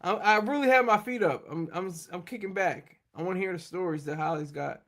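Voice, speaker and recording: A man with a high, bright voice rambles through a casual live stream from home. He laughs often and trips over his words, restarting sentences as he goes, with a light, tense edge to his tone. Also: a little fast. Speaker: livestream host.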